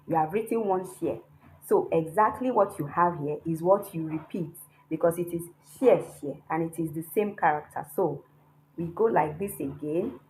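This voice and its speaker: A woman's voice: fairly low pitch, darkish tone, slight background noise, rough recording. A woman teaching a beginners' Chinese lesson, explaining patiently while writing characters and often checking in with a questioning "hmm?". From Nigeria.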